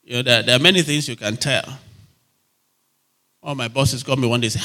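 A man preaches a sermon emphatically and repetitively, often asking his audience whether they're still with him. His voice is medium-pitched and sharp, and he talks fast but leaves long pauses.

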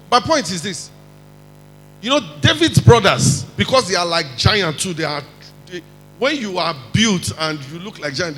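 A man with a Nigerian accent preaching a lively sermon, acting out quotes and mixing in pidgin. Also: on the high side, big-room sound, rough recording. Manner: animated, mixes in pidgin, acts out quotes.

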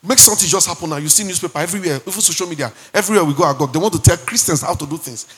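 A man with a Nigerian accent preaching a sermon as pastor, animated and dropping into Pidgin asides and acted-out quotes. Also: fairly high pitch, very fast. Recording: long hall reverb.

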